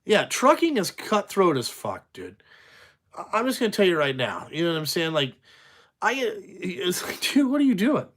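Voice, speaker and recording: A man's voice: high voice, wildly swooping pitch, moderate pace, a bit bright. Male trucker vlogger, casual rant: blunt, foul-mouthed, exasperated, rambling with lots of fillers. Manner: profane, blunt, exasperated ranting with many fillers; talks in loose run-on asides, asks "you know what I'm saying?". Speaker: truck driver, channel host. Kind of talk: casual ranting vlog.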